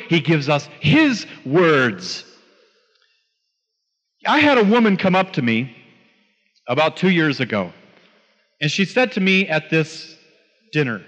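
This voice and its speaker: Emphatic high-voiced man preaching in a hall. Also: a bit bright. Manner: storytelling with quoted dialogue, emphatic rises. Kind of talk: sermon. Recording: dull lo-fi sound in a long-reverb hall.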